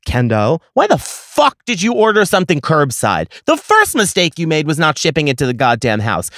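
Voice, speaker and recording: A man hosting a podcast, telling a story as an exasperated, profane rant that swings from low muttering to loud outbursts. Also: wildly swooping pitch, normal speed, no room sound, studio quality. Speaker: podcast host. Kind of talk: ranting storytelling.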